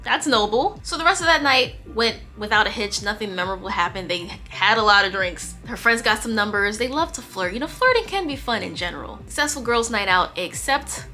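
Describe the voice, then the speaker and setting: A woman's voice: mid-range voice, lively intonation, brisk, hardly any pauses, pushed and bright, faint music behind. A woman chatting through a dating story on her channel, emphatic with sassy asides. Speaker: YouTuber telling a dating story. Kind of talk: casual storytime narration.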